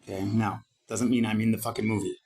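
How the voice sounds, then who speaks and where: Fast-talking and mellow, an Italian founder and vlogger in middle age keeps a level tone and a fairly low pitch. He works on his page while swearing through a brash, combative monologue that promotes himself.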